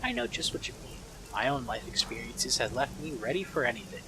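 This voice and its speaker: A man reading as a smooth, smug dealer. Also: medium pitch, big pitch swings, a little fast, noisy background, natural voice. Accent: faint foreign accent attempt. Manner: polished, courteous salesman patter. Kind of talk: video game dialogue read-aloud. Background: game music.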